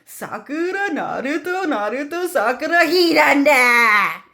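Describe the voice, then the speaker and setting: A woman voicing a whiny young male anime ninja who wails names in a shrill, sing-song up and down pattern. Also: big pitch swings, measured pace, gravelly, sharp tone, full character voice. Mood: whining shrieks.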